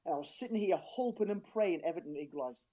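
A man's voice: high voice, lively intonation, fast, mellow, slight background noise. A man calling in as a football fan, talking in a passionate, frustrated, rambling way with a strained voice. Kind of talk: casual phone-in chat.

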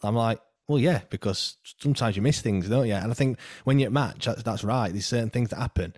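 A man's voice: mid-range voice, fairly quick, darkish tone, no room sound, studio quality. A man co-hosting a casual football podcast, talking hesitantly with frequent restarts. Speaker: podcast co-host.

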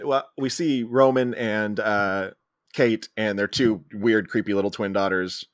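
A man's voice: fairly low pitch, no echo. Dry-sounding man recapping a movie. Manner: retells scenes, quoting lines in a flat voice. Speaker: podcast co-host. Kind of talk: casual movie recap chat.

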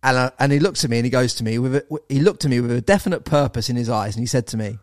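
An English man in his thirties, a podcast guest telling a story in casual chat, animated and swearing, with bro and mate thrown in. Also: mid-range voice, racing, hardly any pauses, dry recording, clean studio sound. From England.

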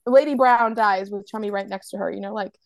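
An American woman co-hosting a podcast, recapping scenes in a lively casual way with lots of "like". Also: medium pitch, a little fast, vocal fry, no echo. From United States. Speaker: podcast co-host. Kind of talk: casual chat.

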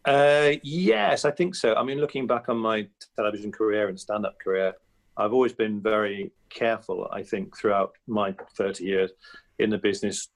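Brief: male, fifties, lower pitch, relaxed anecdotal interview guest who talks through hesitations. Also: moderate pace. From England. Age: 50s. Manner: chatty and anecdotal, with many fillers and restarts. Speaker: guest comedian and impressionist. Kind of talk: reflective interview talk.

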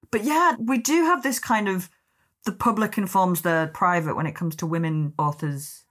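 A woman hosting a podcast, talking in a chatty, lively way with lots of "like". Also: medium pitch, a little fast. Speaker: podcast host. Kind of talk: podcast conversation.

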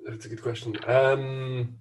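Podcast co-host, Canadian man with Portuguese parents, halting, set back from the mic. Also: mid-range voice, flat delivery, recorded from a distance. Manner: thoughtful, halting, laughs easily. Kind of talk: casual chat.

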